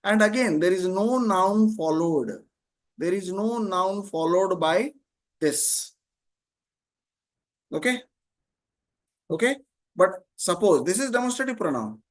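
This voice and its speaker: High-voiced teacher. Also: male voice, expressive. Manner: explains slowly, repeats terms, often asks "Okay?". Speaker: online English teacher. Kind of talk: live online grammar class.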